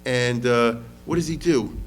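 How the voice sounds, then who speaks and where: A man's voice: medium pitch, unhurried, slight background noise. A man lecturing on history as a rabbi, talking casually, often asking the audience questions and mixing in Hebrew words.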